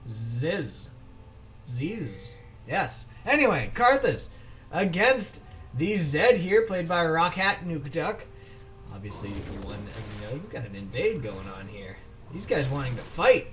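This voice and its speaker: Soft music plays behind this esports caster, whose voice sits on the high side and swings widely in pitch at a measured pace. Working alone, he gives loose, wandering commentary on a video game match and regularly stumbles over player names.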